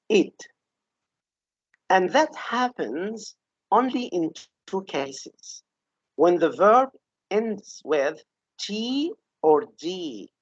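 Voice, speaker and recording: In an online English pronunciation lesson, a female teacher patiently says example words again and again, often asking "okay?". She has a mid-range voice with a breathy edge and no echo, heard through dull, lo-fi webinar audio.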